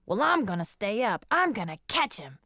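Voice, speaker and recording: A woman voicing an excited, boastful little boy in a children's story. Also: mid-range voice, moderate pace, dry recording, studio quality, pitched above the performer's own voice, exaggerated voice. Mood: eager. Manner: eager, boastful. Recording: guitar music behind.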